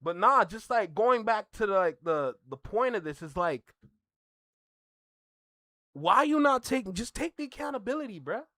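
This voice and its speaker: A man's voice: high-pitched, very animated, moderate pace, pauses often, pushed and bright, dry recording, clean studio sound. A man with a Toronto accent hosting a reaction video, talking in a heated, incredulous way and repeating his points. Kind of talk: casual reaction commentary.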